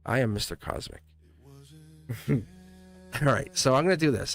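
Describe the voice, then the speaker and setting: A man's voice: medium pitch, expressive, normal speed, creaky, long pauses, faint music behind. A man hosting a casual live-stream tarot reading, rambling and restarting his sentences, often laughing as he talks. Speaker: live tarot reader and channel host.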